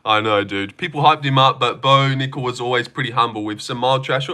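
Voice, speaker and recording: A man hosting a casual livestream, chatting with viewers and reacting in an animated, sweary, teasing way. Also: medium pitch, brisk. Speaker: livestream host.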